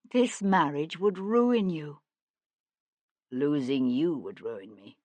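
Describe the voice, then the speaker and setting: Woman doing a stern young nobleman, clipped and menacing, low voice, dry sound. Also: expressive, slow pace, darkish tone, dry recording, full character voice. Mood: earnest.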